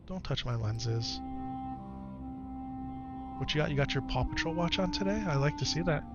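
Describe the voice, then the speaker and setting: Man, thirties, soft coaxing father, casual home chat, slightly high voice, background music. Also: animated, normal speed, lo-fi sound. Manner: gentle, coaxing with his child, chatty with viewers. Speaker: live streamer and father. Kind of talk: casual live-stream chat. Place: home, in the morning. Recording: clear background music under voice.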